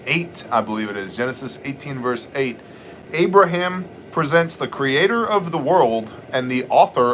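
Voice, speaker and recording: A man hosting a relaxed livestream, trading jokes with viewers and greeting them by name. His voice sits at a middle pitch, and he slides easily into casual Bible teaching. A faint air conditioner hums in the background. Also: a little hiss or hum. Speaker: livestream host. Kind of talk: casual livestream chat, reading viewer comments.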